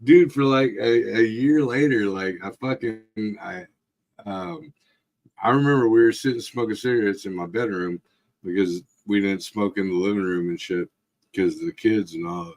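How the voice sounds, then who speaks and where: A man's voice: lowish voice, moderate pace. A man casually telling a rowdy story, swearing constantly and jumping into other people's voices as he goes. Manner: profane, animated retelling with voiced quotes. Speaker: podcast co-host.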